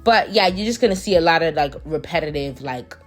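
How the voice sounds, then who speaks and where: A woman's voice: sits low, expressive, brisk, soft background music. A woman talking casually in a put-on British accent, rambling with lots of fillers as she does a nail tutorial. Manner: rambling, filler-heavy, preachy asides. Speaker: nail artist.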